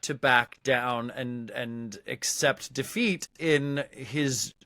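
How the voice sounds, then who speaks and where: An easygoing man co-hosting a casual podcast, quick to agree and to joke. His voice is bright and sits dry and close to the mic. Nothing of the room comes through around him. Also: mid-range voice, fairly even intonation, no room sound. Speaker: podcast co-host. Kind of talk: casual chat.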